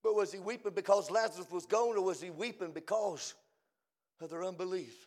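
A man delivers a fiery revival sermon, alternating between shouted lines and low, hushed phrases that he draws out.

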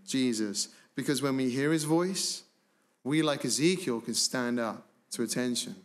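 A man preaching a sermon as pastor, emphatic, slowing down and dropping low and quiet on key words. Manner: slows down to stress phrases.

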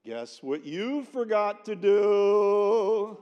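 A man's voice: sits high, lively intonation, very slow, smooth, lo-fi sound, voice pushed up, full character voice. A man voicing a smug young male college roommate who enforces petty rules in a taunting sing-song. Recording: long chapel reverb.

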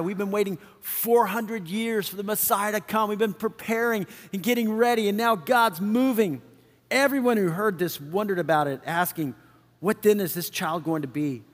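Lively high-voiced man preaching. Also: in a large hall. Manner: conversational, animated, acts out quoted figures. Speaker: pastor. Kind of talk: sermon.

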